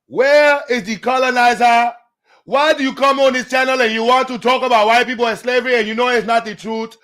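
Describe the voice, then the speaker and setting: A man reading text aloud in a put-on African accent, loud and theatrical. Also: very high-pitched, fairly even intonation, brisk, voice pushed up. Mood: mock-stern.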